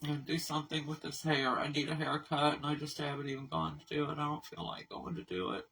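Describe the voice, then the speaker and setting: A woman's voice: low-pitched, a little fast, fairly bright tone, far from the mic, low-quality recording. A middle-aged woman who runs an animal rescue, talking in a casual video update, emotional and rambling, poking fun at herself. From Kentucky. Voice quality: gravelly, husky. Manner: emotional, tearful, rambling and self-deprecating.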